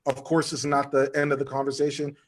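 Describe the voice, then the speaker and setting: A man's voice: mid-range voice, completely flat delivery, fast talker. A man hosting a podcast panel over a video call, joking and chatting casually while steering the talk. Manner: playful, joking, affirming others often. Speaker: podcast host.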